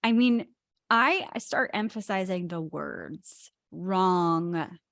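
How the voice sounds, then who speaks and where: A woman's voice: on the low side, lively intonation, very slow, gravelly, a bit bright, no echo, studio quality. A woman co-hosting a spiritual talk show, stressing key words as she explains ideas. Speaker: podcast co-host.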